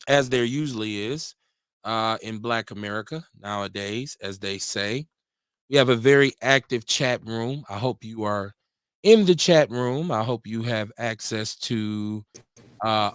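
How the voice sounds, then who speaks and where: A middle-aged man with a Midwestern US accent, hosting a live call-in show in a relaxed, slangy way and repeating his phrases. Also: lowish voice, clear, resonant tone, dry recording. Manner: laid-back, slangy, drawls and repeats phrases. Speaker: radio show host.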